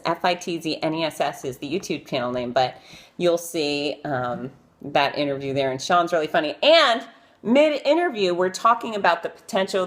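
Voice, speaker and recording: A woman vlogger casually telling stories about interviewing celebrities, chatty and self-deprecating, with many fillers. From Florida. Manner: chatty and animated, acting out quotes in a high voice. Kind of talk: casual live-stream storytelling.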